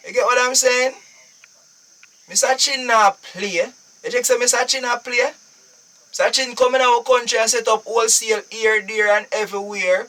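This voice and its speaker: A Jamaican man with a high, light voice talking on a live stream. He preaches in an emphatic way and keeps repeating his phrases. He sits a bit back from the mic. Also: moderate pace, bright, forceful tone, far from the mic. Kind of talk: casual live-stream talk.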